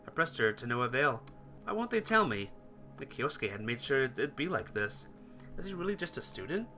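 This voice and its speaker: Animated man reading a visual novel. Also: mid-range voice, brisk, faint music behind.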